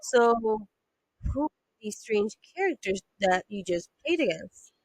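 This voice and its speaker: A woman's voice: mid-range voice, very animated, a little slow, poor audio. A woman giving playful, chatty let's-play commentary on a game, reading text aloud and humming to herself. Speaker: gamer.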